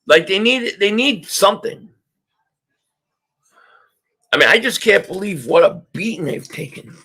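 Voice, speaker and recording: A man hosting a live sports reaction stream, ranting excitably and often shouting at the game. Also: high voice, measured pace, husky. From Philadelphia area.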